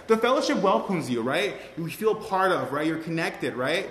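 A man's voice: fairly high pitch, lively intonation, normal speed, a bit bright. A man sharing his recovery story with a group, rambling and emotional, often saying "you know" and "right". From Cuban family. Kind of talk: personal testimony to a group. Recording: echoey hall with faint room noise.

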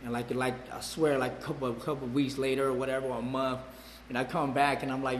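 A man's voice: mid-range voice, level tone, fast, a little hiss or hum. Brief: man in his forties, rambling personal testimony, stumbles and repeats, echoey hall with a long tail. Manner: rambling, repeats words, many fillers. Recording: echoey hall with long reverb, faint ambience.

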